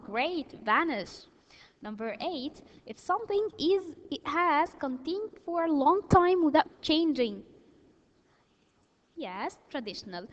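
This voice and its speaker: Slow high-voiced woman teaching vocabulary. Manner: slow, explains step by step with halting fillers. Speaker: English teacher. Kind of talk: recorded vocabulary lesson. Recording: dull lo-fi audio with long reverb.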